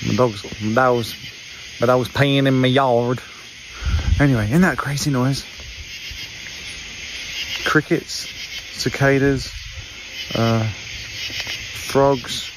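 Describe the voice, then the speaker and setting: A man's voice: mid-range voice, steady tone, slow pace, long pauses, noisy background. A man chatting casually to camera from his yard at night. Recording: distant mic with loud night insects.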